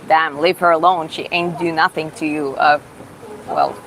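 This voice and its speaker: A woman from Georgia with a Georgian accent, reading chat questions aloud on a livestream and answering them in halting, self-taught English. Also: low voice, steady tone, a bit bright, slight background noise, poor audio. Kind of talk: casual live Q&A chat.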